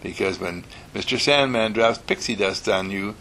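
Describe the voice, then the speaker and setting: Gravelly man telling a bedtime story. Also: on the low side, moderate pace, slight background noise. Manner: animated, playful, clears throat often.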